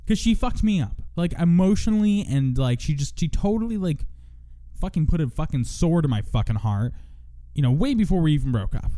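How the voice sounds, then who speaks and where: A young man talks through a solo podcast monologue, swearing freely and rambling as he cuts himself off and restarts. His voice is fairly high for a man and swings widely in pitch. The tone is dark and mellow. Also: lively intonation, fairly quick. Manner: profane, rambling, self-interrupting. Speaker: podcast host.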